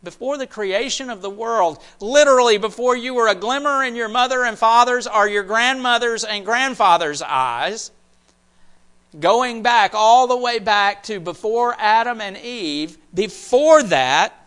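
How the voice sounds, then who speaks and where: A man preaching a sermon, animated, repeating phrases and dropping almost to a whisper for emphasis. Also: very high voice, measured pace, clean tone. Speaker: pastor.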